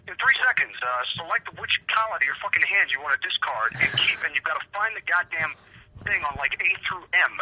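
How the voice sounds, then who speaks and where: A man co-hosting a gaming podcast, telling stories in an animated, profane way during casual chat. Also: a little high, quick pace, background noise. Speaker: podcast co-host. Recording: dull lo-fi podcast audio.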